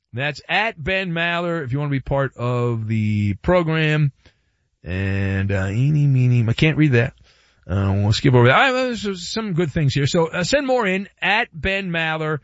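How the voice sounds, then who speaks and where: Animated, wry sports radio host. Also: male voice, on the high side, a little slow, no room sound. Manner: animated, wry and playful, with asides and repetition. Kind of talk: sports talk radio monologue. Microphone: studio microphone. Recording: dry, slightly dull radio studio sound.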